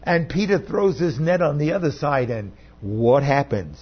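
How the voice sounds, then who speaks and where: Husky conversational male preacher. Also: a little high, normal speed, hardly any pauses, dull audio. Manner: conversational preaching with rhetorical questions. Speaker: pastor. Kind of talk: sermon.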